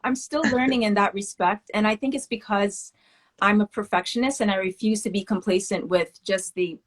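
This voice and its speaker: Woman guest, West Indian heritage, candid and animated storyteller, mid-range voice. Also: medium pitch, normal speed. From West Indian family. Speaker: guest, children's book author. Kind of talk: casual interview talk.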